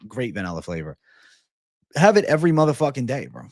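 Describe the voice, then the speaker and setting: A man's voice: mid-range voice, sing-song, quick pace, darkish tone, no echo, studio quality. A young man hosting a casual livestream, swearing freely and calling everyone "bro" as he reads and answers chat comments. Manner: profane, loose, repeats "bro" constantly. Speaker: livestream host.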